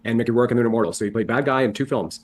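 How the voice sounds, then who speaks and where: A man who talks very fast, jumping in with quick agreement and short side comments. His voice sits low in its range and stays easy and conversational.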